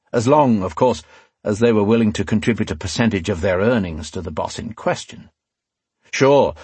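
Male narrator, audiobook, husky voice, measured dramatic delivery. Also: fairly low pitch, no echo. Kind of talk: scripted fantasy narration.

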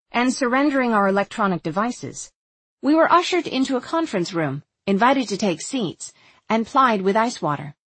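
A woman narrating an audiobook in a wry, observant first-person voice. Her tone is husky and her pitch moves in a lively way, and the recording is close and dry. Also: dry recording. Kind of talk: scripted narration.

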